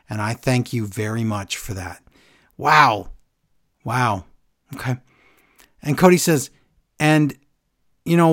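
Animated man recapping a story. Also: medium pitch. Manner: animated storyteller, quoting others in a flat retelling voice. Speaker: podcast co-host. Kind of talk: casual chat, recapping a wrestling segment.

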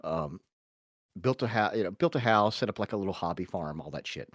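A Southern-accented man in his forties chats on a podcast, his pitch swinging up and down as he talks. He wanders through halting asides and restarts, recorded close and dry with no room sound. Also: expressive, a bit bright, dry recording. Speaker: podcast host. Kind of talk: casual chat.

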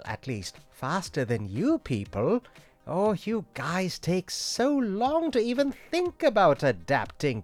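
A smug young coronavirus , played by a man, taunts with a sarcastic drawl that swings wide in pitch. The delivery is slow and unhurried, as if savoring every insult. Faint music sits behind it. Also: heavily acted. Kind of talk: comedy sketch.

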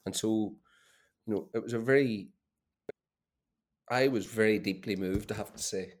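A middle-aged man tells an animated, swearing story as a guest in a casual chat. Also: on the low side, moderate pace. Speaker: guest, former player.

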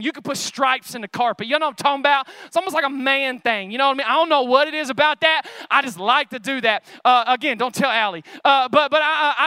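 A young male pastor preaching a casual, energetic sermon, chatty with fillers and calling out to the congregation. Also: extremely high pitch, dry recording.

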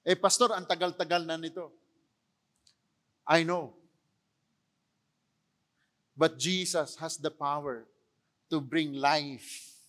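A man's voice: on the high side, bright, forceful tone. A man with a Filipino accent preaching a sermon as pastor, slipping into Tagalog phrases and lifting his voice when he quotes scripture. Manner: unhurried preaching, switching into Tagalog phrases, rising emphasis on quotes.

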